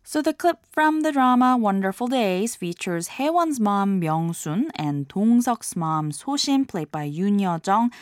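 A woman hosting a language lesson, explaining drama lines and phrases in a clear, measured scripted way. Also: mid-range voice, lively intonation, no room sound, studio quality.

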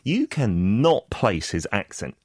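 A man's voice: fairly low pitch, big pitch swings, slow, no room sound, studio quality. A man co-hosting a radio show, rambling through casual chat and joking along. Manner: chatty, rambling, jokey. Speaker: radio co-host.

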